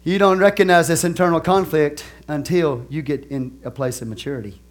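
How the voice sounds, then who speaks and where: A male pastor delivers a sermon with a voice pitched a little above most men. He moves from quiet asides to loud bursts, laughs with the congregation, and draws out key phrases slowly. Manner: animated, swings from soft asides to loud exclamations; laughs and asks the congregation questions.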